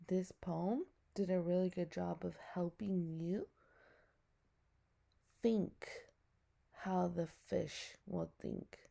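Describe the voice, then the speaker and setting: A woman's voice: fairly low pitch, fairly even intonation, takes it slowly, creaky, pauses often, mellow. A woman teacher giving a recorded lesson to her students, explaining patiently step by step and asking them questions.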